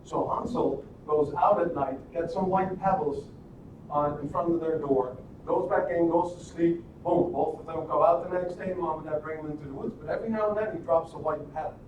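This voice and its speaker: A man with a fairly high voice tells a story in a loose, rambling way, tossing out rhetorical questions as he goes. He sounds far from the mic in a very echoey room. A steady noise sits behind him. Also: a little fast, lo-fi sound. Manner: animated, rambling, with frequent restarts and rhetorical questions. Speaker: live stream host. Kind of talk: casual storytelling and motivational talk.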